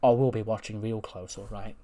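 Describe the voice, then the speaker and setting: A man's voice: on the low side, fairly even intonation, fairly quick, dark tone, a little hiss or hum, lightly acted. A man voicing a scheming male wrestling tag team that talks in a sly, needling way.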